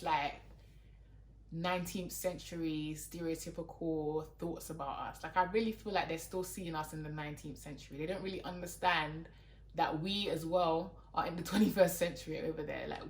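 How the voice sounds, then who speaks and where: A woman's voice: deep voice, moderate pace. A young woman with a London accent chatting to camera as a YouTuber, exasperated and talky, leaning on "like" a lot. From London, England. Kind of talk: casual chat to camera. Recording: roomy echo.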